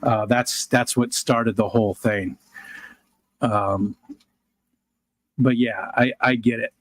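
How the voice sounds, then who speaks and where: A man's voice: medium pitch, fairly even intonation, slow, a bit bright, dry recording. A middle-aged man hosting a livestream, rambling casually to his viewers and chuckling often as he answers comments. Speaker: livestream host.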